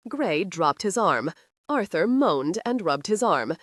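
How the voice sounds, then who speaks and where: Woman narrator for a period romance audiobook, animated pitch, dry close booth. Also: slow, no room sound. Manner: expressive storytelling with lively pitch.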